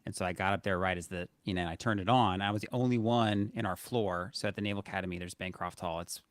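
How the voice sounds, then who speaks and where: A man hosts a casual podcast interview in a fairly low voice. He talks haltingly, repeating words and letting his sentences trail off softly. His voice sits close and dry on the mic. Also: steady tone, no echo. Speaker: podcast host.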